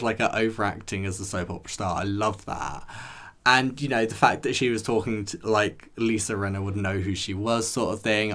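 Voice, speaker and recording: Speaking in a mid-range, fairly bright voice, a man reviews a TV episode. His style is chatty and rambling, a casual chat aimed straight at his viewers on camera.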